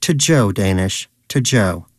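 A pious, hungry pet rodent who lectures with indignant fervor, played by a man. His voice stays close to the narrator's own low tone. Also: animated, slow pace, no room sound. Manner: preachy, indignant.

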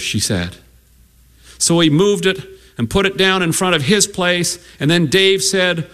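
A man reads a story aloud at a measured pace, gently humorous as he goes. His voice sits high for a man. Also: animated.

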